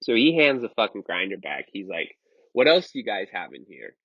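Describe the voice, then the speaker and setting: Husky-voiced young man telling a story. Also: fairly low pitch, big pitch swings, brisk, dry recording. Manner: rambling and profane, with many fillers. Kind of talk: casual storytime. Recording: dull lo-fi sound.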